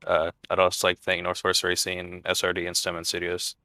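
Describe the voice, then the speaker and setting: A man, a sim racing driver, giving a halting post-race interview full of fillers. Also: completely flat delivery, sharp tone, no echo. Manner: low-key, halting with frequent fillers.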